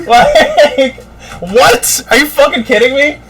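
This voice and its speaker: A man's voice: very high-pitched, slow pace, low-quality recording. A man co-hosting a podcast, ranting in casual chat with lots of swearing and mocking impressions. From United States. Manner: animated, profane ranting with mocking put-on quotes. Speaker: podcast co-host.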